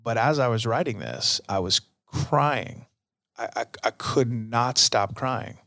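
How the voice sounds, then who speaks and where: A man's voice: medium pitch, slow, gravelly, fairly bright tone, dry recording, clean studio sound. A middle-aged man hosting a podcast, telling a personal story in a casual, earnest way with many fillers. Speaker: podcast host.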